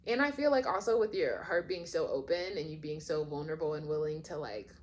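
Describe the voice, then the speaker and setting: Chatty woman tarot reader, lowish voice, rambles, fills with "like", slips into acted quotes. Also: animated, brisk, slight background noise. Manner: chatty, rambling, lots of "like" fillers; acts out imagined quotes. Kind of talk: casual tarot reading.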